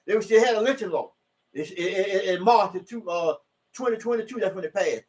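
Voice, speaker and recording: A man preaching informally from scripture in a loose, repetitive way, rising to emphatic shouts when he reads the verses. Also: high-pitched, fairly quick. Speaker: self-styled preacher.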